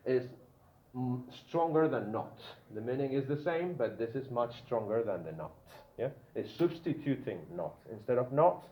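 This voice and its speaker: A man teaching a grammar lesson to a class, often checking in with the students and drawing out his example words slowly. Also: mid-range voice, animated. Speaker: English teacher. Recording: dull lo-fi classroom recording with room echo.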